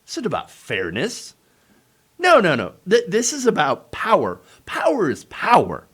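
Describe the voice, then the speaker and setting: A man's voice: high-pitched, huge pitch swings, unhurried, fairly bright tone, breathy edge, heavily acted. A man doing a mocking impression of a smug, gloating older male politician.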